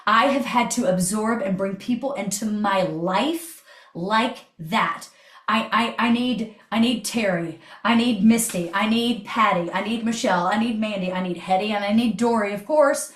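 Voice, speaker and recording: A woman's voice: medium pitch, normal speed. Woman host, upbeat motivational call, chatty and peppy, swears casually, echoey room on a video call.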